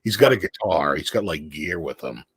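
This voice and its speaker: A man chatting as a guest on a video call, telling an animated anecdote and acting out the voices in it. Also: extremely low pitch, moderate pace, husky. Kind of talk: casual storytelling chat.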